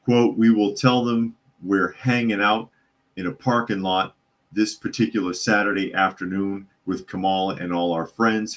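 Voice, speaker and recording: A deep-voiced man hosts a live news podcast from his home. He talks casually and drops sarcastic, chatty asides while he reads out articles. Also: a bit bright. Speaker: podcast host. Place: hot home room with a loud computer fan.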